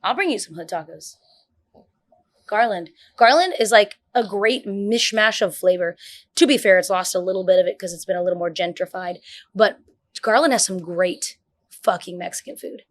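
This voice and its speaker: A woman's voice: mid-range voice, moderate pace. A woman on a podcast, telling stories in casual chat. She swears freely and acts out the people she quotes. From north Texas. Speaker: podcast guest.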